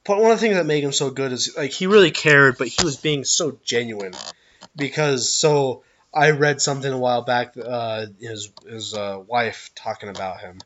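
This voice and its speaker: Casting: man in his 20s, casual podcast co-host, mid pitch, animated, lo-fi sound. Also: moderate pace, slight background noise. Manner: rambling, many restarts, animated storytelling. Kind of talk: casual chat.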